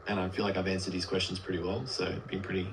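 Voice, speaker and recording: A man's voice: deep voice, little pitch movement, fast, slight background noise, poor audio. A man speaking as a guest on a livestream, arguing earnestly and rambling with many filler words. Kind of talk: casual debate on a livestream.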